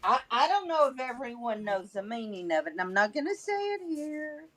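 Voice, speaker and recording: A blunt woman with a Texan twang, cursing cheerfully and laughing through casual stream banter. Her voice is a touch high, with animated, swinging intonation. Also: moderate pace. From Texas. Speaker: chat moderator guest.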